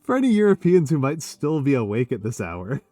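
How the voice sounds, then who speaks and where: A man's voice: mid-range voice, very animated, brisk, mellow, no echo, soft background music. Sardonic, swearing man streamer. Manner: sardonic, swears freely, laughs often. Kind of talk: casual chat.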